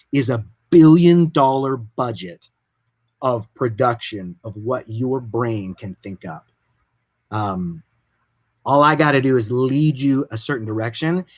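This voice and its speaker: Loose-talking production director, a man. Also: medium pitch. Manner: informal, animated, loose and rambling. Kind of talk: casual explanatory talk.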